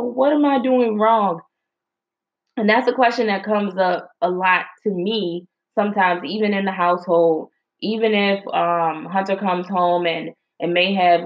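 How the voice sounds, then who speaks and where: A young woman telling a story to her viewers, chatty and animated, with slang and lots of fillers. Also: medium pitch. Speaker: mom vlogger. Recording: slightly dull lo-fi audio.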